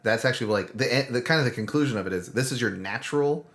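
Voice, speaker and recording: A man's voice: medium pitch, quick pace, fairly bright tone. A man co-hosting a casual podcast chat who thinks aloud in loose, rambling phrases. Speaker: podcast co-host; improv teacher.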